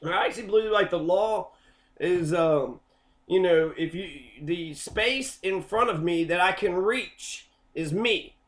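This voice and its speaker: A man's voice: sits high, a little slow, a bit bright. A man giving casual, rambling commentary on a video, full of profanity and loose asides.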